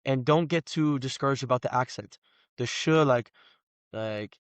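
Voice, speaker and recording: A young man in his twenties speaks as a podcast guest. He tells slangy, animated stories and keeps saying "bro", at a mid pitch. His voice is close and dry. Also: normal speed, no echo. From Los Angeles, USA. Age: 20s. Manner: animated storyteller, slangy, says "bro" often. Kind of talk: casual podcast conversation.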